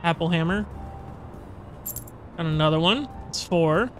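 A gamer giving casual running commentary over gameplay, chatty and swearing freely, with loud frustrated outbursts. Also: mid-range voice, takes it slowly, long pauses, soft background music. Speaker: let's play gamer.

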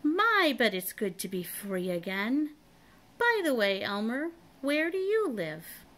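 A gentle, hungry young dragon from a storybook, fretful and given to sudden high exclamations, as a woman reads him aloud. His voice climbs sharply when something surprises or delights him. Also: very animated, slow pace, exaggerated voice. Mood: exclaiming. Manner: exclaiming, swooping up in pitch.

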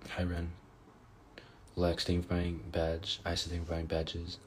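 A man with a deep, low-pitched voice chats casually on a livestream. He reads fan comments aloud and thanks viewers, sounding tired and yawning now and then. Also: completely flat delivery, normal speed, slight background noise. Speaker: livestream host.

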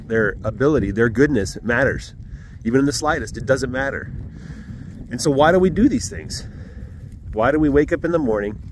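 A man's voice: mid-range voice, noisy background. Earnest man giving a Sunday message outdoors. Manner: earnest, reflective, pauses with fillers and throat clearing. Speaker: farm vlogger. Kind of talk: casual Sunday morning message. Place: outdoors on a farm.

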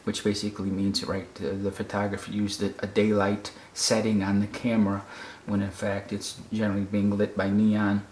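A man's voice: fairly low pitch, completely flat delivery, moderate pace, hardly any pauses, a little mellow, a little hiss or hum. A man from the United States explaining a fashion photo casually, often repeating words and checking in with "okay?". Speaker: photography critic. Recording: roomy echo.

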